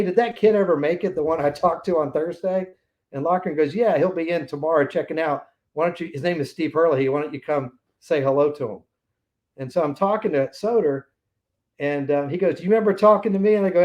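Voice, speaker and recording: Guy in his 60s spinning a story, acts out everyone's voices, a bit higher voice. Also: lo-fi sound. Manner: animated anecdotes, acting out quoted voices. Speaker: guest. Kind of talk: storytelling in a casual interview.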